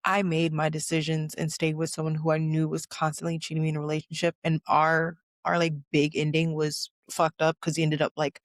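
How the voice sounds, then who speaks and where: A woman's voice: low voice, completely flat delivery, brisk, few pauses, dry recording, studio quality. A woman hosting a casual chat, emphatic and outspoken, profane, repeating words for stress. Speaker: podcast host.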